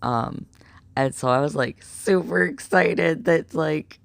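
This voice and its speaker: Young guy vlogging, gravelly fry in his voice, rambles w lots of likes and ums, dry close sound. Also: on the high side, slow pace, no echo. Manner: rambling, full of "like" and "um", excitable. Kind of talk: casual storytelling vlog.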